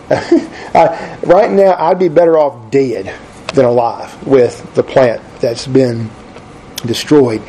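Guy preaching, chatty and folksy, warm relaxed voice, keeps asking right?. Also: mid-range voice, a little hiss or hum. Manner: folksy, chatty, asks the listeners questions. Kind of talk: sermon.

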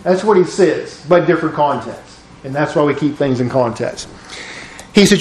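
A man teaching a Bible study lesson in an animated, conversational way with jokey asides. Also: a little high, moderate pace, echoey room.

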